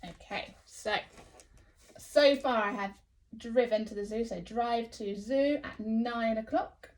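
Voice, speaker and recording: A woman with an English accent teaching phonics to young children, sounding out letters slowly and praising often. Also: on the high side, a little mellow. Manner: slow, sounding out letters, encouraging. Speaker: early years teacher.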